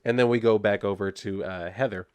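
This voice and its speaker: A man's voice: fairly low pitch, steady tone, brisk, clean tone, no room sound. A man reviewing a comic book in a casual vlog, rambling and laughing often, with lots of fillers.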